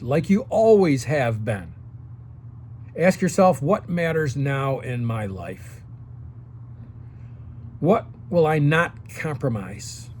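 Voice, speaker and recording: A man's voice: fairly high pitch, darkish tone, a little hiss or hum. A man in his sixties giving casual advice to seniors straight to the camera, coaching and often checking in with "okay?". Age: 60s.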